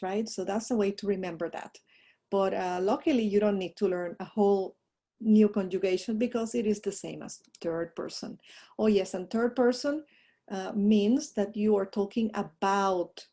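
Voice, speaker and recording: Warm-toned woman teaching a lesson. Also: medium pitch. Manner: explains in English, drops into Italian examples, often asks "right?". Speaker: Italian teacher. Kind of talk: recorded online lesson.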